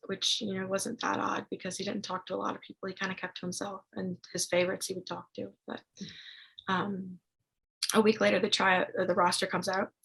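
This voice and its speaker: A young woman with a husky, gravelly voice tells a personal story as an interview guest. Her talk is loose and chatty, full of fillers and restarts. Her pitch stays fairly flat. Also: low-quality recording. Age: young adult. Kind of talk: casual storytelling.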